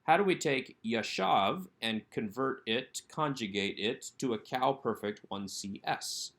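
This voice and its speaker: A man teaching a recorded Hebrew workbook lesson. His voice sits at an ordinary middle pitch. He explains each exercise methodically and sounds out the words syllable by syllable. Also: animated, unhurried, a bit bright. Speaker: Hebrew instructor.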